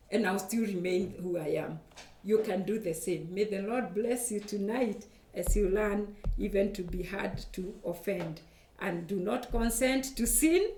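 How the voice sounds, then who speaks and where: A woman's voice: medium pitch, recorded from a distance. Woman, pastor, earnest prayer, repeats phrases, echoey, set back from the mic. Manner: earnest, repeats words often. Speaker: pastor and show host. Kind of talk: preaching and prayer.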